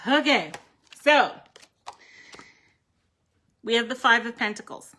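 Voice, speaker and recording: A woman's voice: on the high side, expressive, very slow, long pauses, sharp tone. Woman, live tarot reader; blunt, swearing, chatty with her viewers. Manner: blunt, profane, emphatic; chatty, addresses viewers by name.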